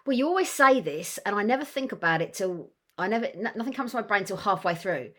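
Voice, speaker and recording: A woman's voice: medium pitch, fast. Blunt, swearing woman chatting. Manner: blunt, excitable, swears freely. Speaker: podcast co-host. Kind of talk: casual chat.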